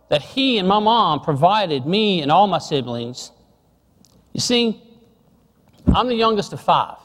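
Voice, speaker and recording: A middle-aged man preaching a sermon, telling a family story and dropping soft and slow on serious points. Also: sits high, big-room sound.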